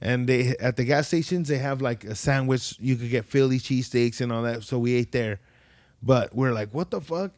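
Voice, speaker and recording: A man's voice: mid-range voice, moderate pace, dry recording. A man telling stories in casual podcast chat, swearing freely and acting out the people he quotes. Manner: profane storytelling, animated quoted voices.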